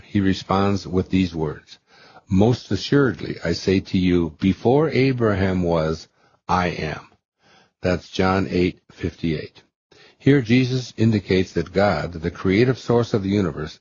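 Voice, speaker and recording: A man narrating a spiritual self-help book aloud in a slow, measured, reverent way. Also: low-pitched, a little mellow, dull audio, a little hiss or hum. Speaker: audiobook reader.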